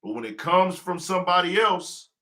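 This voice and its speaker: High, bright-voiced man preaching on a livestream. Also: expressive, normal speed. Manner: preachy, rhetorical questions. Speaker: podcast host. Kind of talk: casual livestream commentary.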